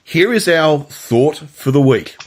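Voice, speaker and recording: Australian male podcast host, lively and chuckling, a touch high, swinging intonation. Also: takes it slowly. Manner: animated, chuckling, hesitant restarts. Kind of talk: casual chat.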